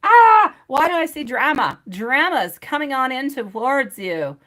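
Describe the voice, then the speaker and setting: A woman's voice: high-pitched, lively intonation, unhurried, bright, forceful tone. A woman reading tarot live for her viewers, rambling and chatty, laughing often and calling people by pet names like sweetie and my love. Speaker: tarot reader.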